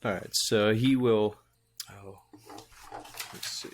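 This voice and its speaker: A man narrating a tabletop game as game master, slow and halting with many fillers. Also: fairly low pitch, steady tone, slight background noise.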